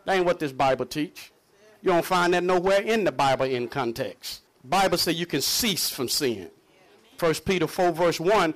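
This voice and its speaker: A man's voice: on the high side, animated, normal speed. A man preaching a sermon, stretching key words for emphasis. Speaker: pastor.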